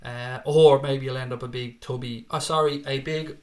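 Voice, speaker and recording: A man's voice: medium pitch, fairly even intonation, moderate pace. A man with an Irish accent hosting a casual live stream, reading out viewer comments and chatting back with jokes and swearing. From Ireland. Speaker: host reading live chat.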